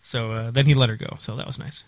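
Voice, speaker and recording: A man's voice: medium pitch, steady tone, quick pace, dry recording. A man telling a long story in casual chat, with lots of fillers and restarts. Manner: rambling, many fillers and restarts.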